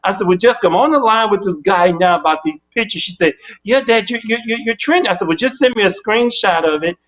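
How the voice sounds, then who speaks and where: An older man as the interview guest, telling an animated story and acting out both sides of his phone calls. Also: high voice, fast.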